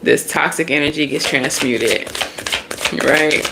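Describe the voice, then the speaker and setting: A woman doing a casual tarot reading, animated and slangy, laughing often as she talks. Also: deep voice, takes it slowly, creaky, very noisy. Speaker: tarot reader.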